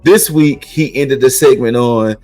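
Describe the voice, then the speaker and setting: A man's voice: mid-range voice, unhurried, darkish tone, no echo, soft background music, poor audio. A man co-hosting a podcast, recapping in casual chat and rambling with repeated restarts. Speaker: podcast co-host recapping wrestling.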